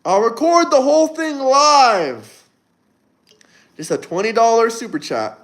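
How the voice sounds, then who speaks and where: Speaking unhurriedly, this young man in his twenties has a very high voice with lively intonation and a fairly bright tone. He hosts a livestream and talks to chat brashly, mocking and provoking them.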